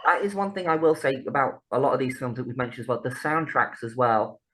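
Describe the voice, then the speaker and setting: A man's voice: mid-range voice, fast, fairly bright tone, low-quality recording. A man co-hosting a casual film podcast, enthusiastic and laughing often. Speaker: podcast co-host.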